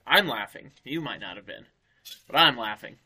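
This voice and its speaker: A man's voice: medium pitch, animated, moderate pace, sharp tone, slightly rough. A man in casual chat, giving short amused reactions.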